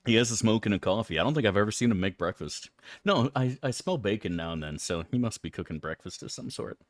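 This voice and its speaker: A man's voice: lowish voice, expressive, fast talker. A man streaming a game live, chatting casually with viewers, swearing freely and complaining in an exaggerated, chummy way. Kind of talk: casual live-stream chat while gaming.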